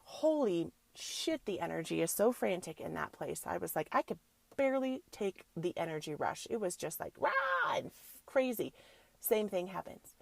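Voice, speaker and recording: A woman with a gravelly, fry-tinged voice talks through a personal story on her podcast. She is casual and animated and drops in spiritual affirmations. The sound is close and dry, with no room around it. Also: fairly low pitch, normal speed, no echo. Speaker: podcast host.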